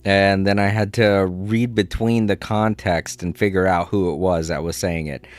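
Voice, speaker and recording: A man's voice: deep voice, fairly even intonation, moderate pace, dry recording, faint music behind. A man streaming a game, chatting casually and rambling, laughing often and swearing a little. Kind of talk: casual live-stream chat.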